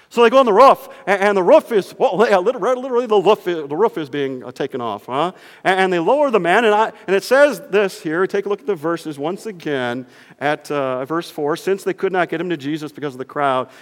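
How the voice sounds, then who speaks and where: A man with a high voice preaches a sermon. He tells the story with animation and keeps asking his listeners questions. His voice carries a long reverb through the church hall. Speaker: pastor.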